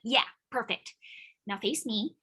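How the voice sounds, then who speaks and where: A woman's voice: a little high, slow pace, pushed and bright, breathy edge, full character voice. A woman playing a dreamy, playful young child in a staged play reading. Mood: coaxing. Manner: playful, coaxing.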